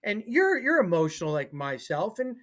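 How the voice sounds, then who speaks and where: Excitable rambling man, bright voice. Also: high-pitched, normal speed. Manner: rambling, self-deprecating, excitable storytelling. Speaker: co-host and football coach. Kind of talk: casual sports talk show chat.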